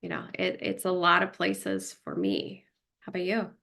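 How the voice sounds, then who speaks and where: A woman co-hosting a casual podcast as a therapist, telling stories in an animated way and acting out her own past thoughts. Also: fairly low pitch, normal speed, creaky.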